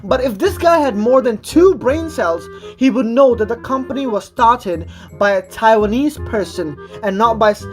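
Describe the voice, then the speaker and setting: A woman's voice: fairly high pitch, expressive, moderate pace, hardly any pauses, faint music behind. A woman giving comedic reaction commentary in a sarcastic, mocking tone.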